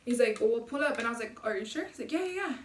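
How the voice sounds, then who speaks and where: A woman's voice: a little high, rapid-fire, a little hiss or hum. Slangy young woman telling a story. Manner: slangy, profane, animated retelling with quoted dialogue. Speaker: vlogger. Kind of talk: casual storytime. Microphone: low-quality camera mic. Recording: echoey room, mic at a distance.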